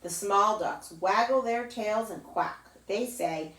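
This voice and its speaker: A woman who teaches yoga to children reads a picture book aloud to them, mimicking sounds in a high, playful voice. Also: slow, fairly bright tone, distant mic. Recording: roomy echo, voice off-mic.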